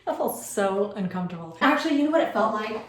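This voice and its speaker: A woman in her forties from the United States talks quickly through beauty tips, her mid-range voice full of lively intonation. The vlog is casual and rambling, with many fillers and asides, recorded in a roomy space with a distant mic.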